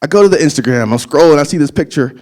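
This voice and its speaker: A man's voice: fairly high pitch, lively intonation, racing, darkish tone. Man doing a profane stand-up set. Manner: loose, profane, conversational storytelling. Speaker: stand-up comedian.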